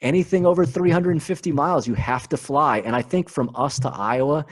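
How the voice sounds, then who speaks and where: A man as a podcast guest, talking in an animated, emphatic way and often repeating his words. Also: a little high, a little fast. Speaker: guest, team spokesman. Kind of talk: casual podcast chat.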